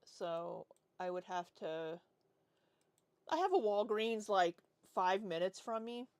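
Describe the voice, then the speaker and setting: Slow-talking woman streamer in her forties. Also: mid-range voice, expressive, darkish tone, smooth, no room sound. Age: 40s. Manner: rambling, reads chat aloud and answers. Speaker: livestream host. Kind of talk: casual livestream chat.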